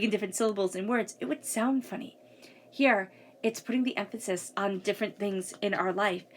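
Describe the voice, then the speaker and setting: Soft-spoken woman giving a tarot reading. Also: mid-range voice, slight background noise. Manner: flowing, searching, repeats words, soft asides. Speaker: tarot reader.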